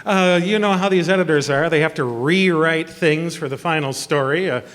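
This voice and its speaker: A man's voice: a little high, normal speed, fairly bright tone, long reverb tail, close to an everyday voice. An actor playing a bumbling, eager reporter in a live stage comedy sketch, stammering and fumbling his words. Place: theatre stage.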